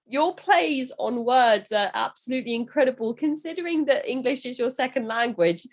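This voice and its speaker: A woman's voice: sits high, expressive, normal speed. A woman hosting a podcast interview, effusive in her praise of her guest. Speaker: podcast host.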